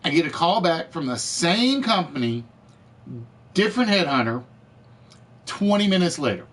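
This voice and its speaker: A man hosting a live game show stream, ranting to his chat in an animated, exasperated way, his voice cracking. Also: a little high, moderate pace. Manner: animated, exasperated storytelling with repetitions. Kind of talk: casual rant to live chat.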